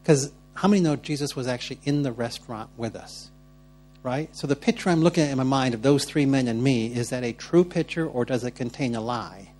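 Animated male preacher telling stories. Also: mid-range voice, a little fast. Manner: animated, swinging between soft asides and loud outbursts; laughs often while telling stories. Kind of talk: sermon with personal storytelling.

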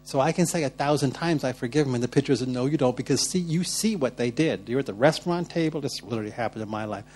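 A man preaching a sermon, telling personal stories straight to the congregation and moving between quiet asides and loud bursts. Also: medium pitch, fast, hardly any pauses, slightly rough. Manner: animated, swinging between soft asides and loud outbursts; laughs often while telling stories.

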